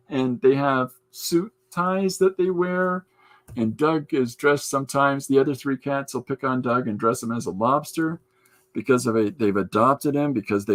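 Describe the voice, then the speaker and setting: A man's voice: medium pitch, normal speed. A man hosting a podcast, chatting casually with his live viewers from his art studio while he draws. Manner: chatty, answers viewers' comments aloud. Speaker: podcast host and comic artist. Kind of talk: casual live-stream chat while drawing.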